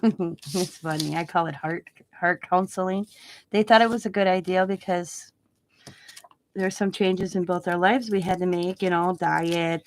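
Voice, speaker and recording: A woman's voice: on the low side, slight background noise. Chatty middle-aged woman, rambling. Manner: rambling and heartfelt, with many restarts. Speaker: crafting vlogger. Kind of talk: casual chat.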